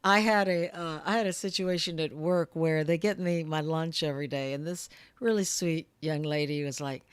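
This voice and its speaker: A woman's voice: low-pitched, moderate pace, dry recording. A middle-aged woman co-hosting a casual live chat, telling anecdotes with lots of laughter and acting out the other people in her stories. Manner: warm storyteller who laughs easily and acts out voices in her anecdotes. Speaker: co-host.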